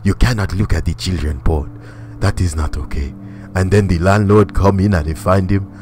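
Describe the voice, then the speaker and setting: A man putting on a mock foreign accent to play a stern man who lectures solemnly in slow, formal, over-enunciated speech. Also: low-pitched, a little mellow, slight background noise, natural voice.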